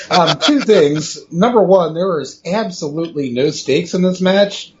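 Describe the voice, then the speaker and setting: A man's voice: sits high, measured pace, few pauses. A man speaking offhandedly and swearing casually as a podcast panelist. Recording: dull lo-fi audio with faint hiss.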